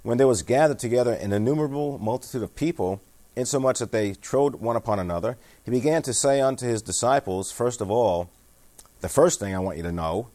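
A man's voice: lowish voice, a little mellow. A man giving a sermon, reading scripture aloud, explaining it in everyday words, and asking his listeners questions. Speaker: pastor.

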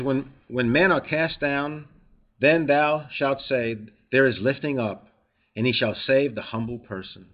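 A man with a New York accent preaching, moving between reading verses aloud and talking them through with emphatic, everyday asides. His voice sits at a medium pitch. The recording is a little dull and lo-fi. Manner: emphatic, reads scripture aloud then explains it conversationally. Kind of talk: sermon.

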